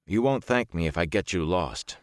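A man voicing a gruff young man who is curt and quick to anger, muttering sourly in an audiobook. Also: sits low, expressive, no room sound, clean studio sound.

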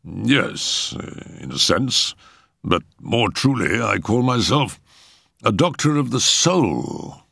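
A man voicing a calm, matter-of-fact older doctor who soothes a troubled patient, in a storybook reading. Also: lowish voice, gravelly, breathy edge, no room sound, clean studio sound, voice pushed up, heavily acted. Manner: unhurried, wry, matter-of-fact. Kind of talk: audiobook character reading.

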